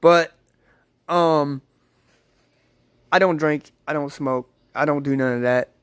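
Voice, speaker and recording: A man's voice: a little high, slow pace, clean tone, no echo. A man telling a rambling story to his viewers, repeating himself and calling them guys. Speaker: vlogger. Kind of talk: casual storytelling to camera.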